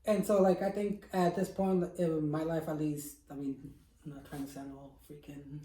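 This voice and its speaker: A man's voice: fairly high pitch, level tone, moderate pace, warm tone. Rambling young man, distant roomy sound. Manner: rambling with many fillers, laughs often. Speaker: friend in group chat. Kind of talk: casual chat among friends.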